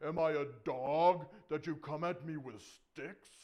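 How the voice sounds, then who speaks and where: A man's voice: fairly high pitch, steady tone, a little slow, muffled recording, lightly acted. A man voicing a huge boastful giant warrior who mocks and bellows at his enemies. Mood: scornful. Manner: loud taunting bellow, clucking at foes.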